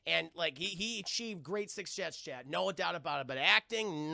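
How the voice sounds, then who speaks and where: Gravelly high-voiced male streamer. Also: animated, normal speed, sharp tone, no room sound, clean studio sound. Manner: rambling, profane, keeps addressing the chat. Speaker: streamer reviewing a film. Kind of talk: casual live-stream commentary.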